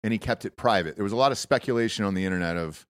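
A man's voice: fairly low pitch, very fast, no room sound, studio quality. Casual swearing male podcast host. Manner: loose, swearing, rambling with fillers. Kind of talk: casual chat.

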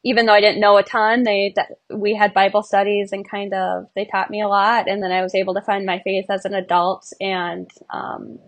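A woman's voice: mid-range voice, flat delivery, normal speed, few pauses. A young woman, a marathon runner, speaking as a podcast guest in an earnest, emotional, bubbly way. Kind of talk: podcast interview.

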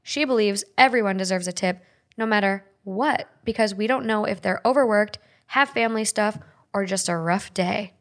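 A woman's voice: mid-range voice, normal speed. A young woman hosting a casual podcast, reading listener posts aloud and reacting expressively. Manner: laughs easily, reacts expressively. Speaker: podcast host.

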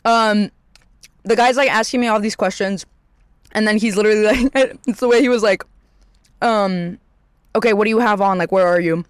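A young woman vlogger telling a story in casual chat, animated and slangy, swearing freely and acting out the people she quotes. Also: mid-range voice, moderate pace, long pauses, smooth, dry recording.

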